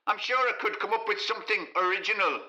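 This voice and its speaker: A man's voice: high voice, quick pace, lo-fi sound, pitched above the performer's own voice, natural voice. A man doing a sweary stage-Irish pop star. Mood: cheeky. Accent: put-on Irish. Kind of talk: comedy podcast sketch.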